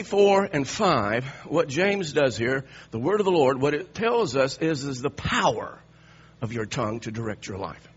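A man's voice: high voice, slightly rough, highs cut off. A man preaching a sermon, emphatic and repetitive, restarting phrases as he drives each point home.

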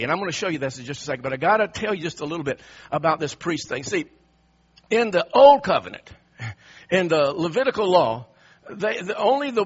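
Emphatic preacher with a lively voice. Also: male voice, sits high, slightly rough, lo-fi sound. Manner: emphatic, repeats and restarts phrases, chuckles. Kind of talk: sermon.

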